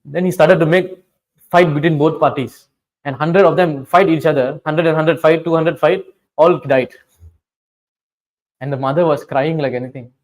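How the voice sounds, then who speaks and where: A man's voice: a little high, steady tone, moderate pace, long pauses, a little mellow. A man teaching a scripture class, telling the story in simple, informal phrasing and often asking the listeners if they follow. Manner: chatty, keeps asking the listeners questions.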